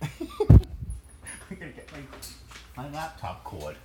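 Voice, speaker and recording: A father giving quiet, offhand, affectionate replies from off to the side. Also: a little high, wildly swooping pitch, slow, roomy sound, noisy background.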